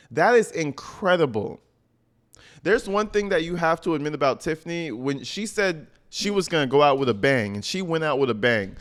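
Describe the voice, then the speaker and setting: A man's voice: a little high, a bit bright. Slangy, emphatic male commentator. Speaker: commentary YouTuber. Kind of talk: casual video commentary.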